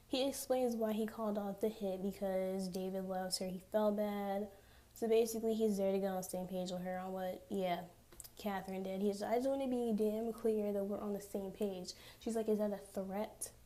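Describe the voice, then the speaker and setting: A young woman casually recapping a TV episode, chatty and profane, with sarcastic asides and quick acted-out quotes of the characters. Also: mid-range voice, dark tone. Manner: acts out characters' lines in quoted voices. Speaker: TV recap vlogger.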